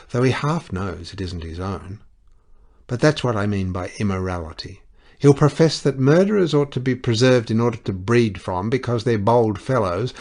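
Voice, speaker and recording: A man's voice: on the low side, darkish tone. A man voicing a bitter, scornful young English society wife, speaking with cutting passion in an audiobook reading.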